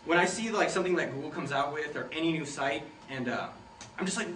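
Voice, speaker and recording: A man's voice: a little high, expressive, quick pace, a bit bright. A young man from San Jose telling loose, joking stories to a room of students, laughing often and swearing freely. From San Jose, California. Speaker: speaker giving a talk to students. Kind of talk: casual storytelling talk. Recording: roomy, from a distance, faint hiss.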